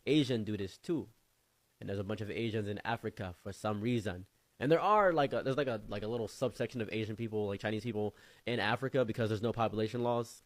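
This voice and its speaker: A man with a Midwestern American accent telling a rambling, animated personal anecdote and acting out other voices. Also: fairly low pitch, fast, no room sound. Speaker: storyteller. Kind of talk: casual anecdote.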